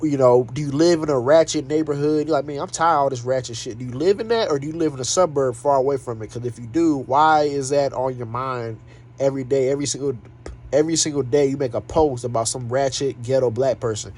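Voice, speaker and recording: A man rants to his audience in a blunt, profane, emphatic way. His voice sits at an ordinary middle pitch, and he sounds a little stuffed up. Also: brisk, darkish tone. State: slightly stuffed up. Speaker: vlogger. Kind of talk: casual rant to camera.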